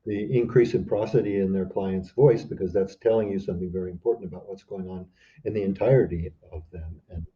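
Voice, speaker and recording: A man speaking as a therapy trainer in an interview, making thoughtful, measured remarks with small restarts. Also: sits low, steady tone, lo-fi sound. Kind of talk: reflective interview conversation.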